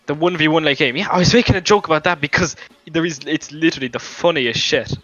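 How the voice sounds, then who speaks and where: A young man argues over a gaming voice chat, talking in long, rambling runs and swearing freely. His voice is bright and sharp. The lo-fi headset sound has some faint music behind it. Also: fairly high pitch, quick pace, no room sound. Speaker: gamer in voice chat. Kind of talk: heated voice chat argument.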